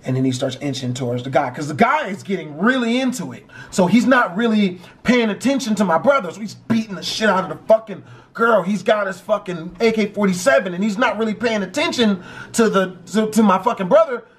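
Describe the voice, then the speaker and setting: A man's voice: sits high, animated, fairly quick. A man telling a dramatic true story in a profane, emphatic vlog style.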